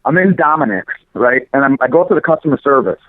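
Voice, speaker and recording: A man co-hosting a casual podcast, telling animated stories full of swearing and mimicking other people's voices. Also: mid-range voice, fast talker, dry recording. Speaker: co-host. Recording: dry, phone-like audio.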